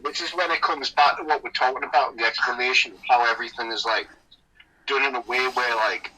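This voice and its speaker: A man's voice: medium pitch, fast talker, sharp tone, breathy edge, recorded from a distance, poor audio. A man chatting on a casual podcast over a call, teasing and sweary. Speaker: podcast guest.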